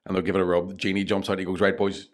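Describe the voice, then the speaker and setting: A man's voice: deep voice, completely flat delivery, rapid-fire. A man with a Northern Irish accent, a comedian telling long jokes in casual chat and swearing freely. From Northern Ireland. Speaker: comedian guest. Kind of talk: casual storytelling.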